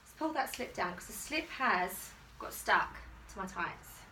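A woman's voice: medium pitch, lively intonation, measured pace, sharp tone, a little hiss or hum. A woman vlogging casually at home in a chatty, rambling, enthusiastic way while trying on clothes. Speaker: fashion vlogger. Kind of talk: casual try-on haul chat. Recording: echoey room, distant mic.

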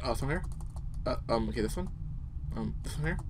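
A man commentating a horror game, excitable, swearing freely, with loud startled outbursts. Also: medium pitch, quick pace, noisy background. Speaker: let's player. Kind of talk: gaming commentary.

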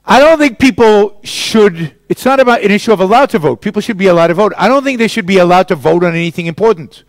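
Animated man arguing at a lecture. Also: high voice, quick pace, dry recording. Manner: emphatic, argumentative, rhetorical questions. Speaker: guest lecturer. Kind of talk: public lecture Q&A.

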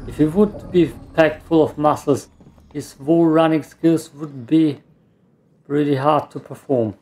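A man's voice: medium pitch, darkish tone, slight background noise. A man with a German accent, a native German speaker, giving rambling, self-mocking let's play commentary and cursing at the game. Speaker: gamer.

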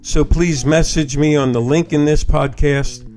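Slow, solemn man reading poems. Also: fairly high pitch, fairly even intonation, a little mellow, soft background music. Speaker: podcast host and addiction counselor. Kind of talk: reading poems aloud with reflective commentary.

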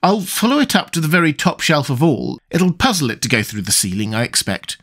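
A man voicing a polite, curious seven-year-old girl in an audiobook, speaking gently and a little plaintively. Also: a little high, very animated, a little fast, full character voice. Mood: puzzled. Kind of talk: audiobook character voice.

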